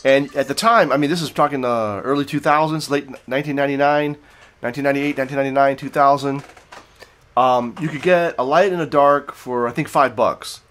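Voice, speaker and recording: A man's voice: medium pitch, fairly even intonation, fairly quick, a bit bright. A man hosting a casual, unscripted livestream beer review, rambling and correcting himself as he tells stories. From United States. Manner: rambling, self-correcting, digressive storytelling.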